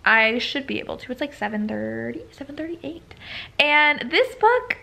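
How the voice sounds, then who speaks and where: A young woman records a casual reading vlog at home at night, her voice bright and a little high with a gravelly fry at the ends of phrases. She rambles freely, filling pauses with "like" and trailing off into "I don't know.". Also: big pitch swings. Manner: rambling, frequent "like" fillers. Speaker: book vlogger.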